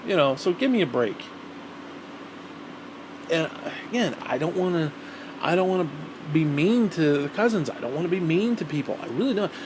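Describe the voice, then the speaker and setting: Profane rambling man, fairly high voice. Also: lively intonation, normal speed, pauses often, background noise. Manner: profane, rambling, repeats himself, heated. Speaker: vlogger. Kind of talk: rambling monologue rant.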